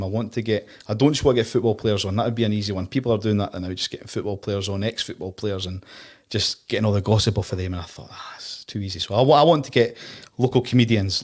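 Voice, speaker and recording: Scottish man, East Coast, fast talker, lower voice, casual anecdotes. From East of Scotland. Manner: chatty storyteller, quick anecdotes. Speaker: podcast host. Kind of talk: casual chat.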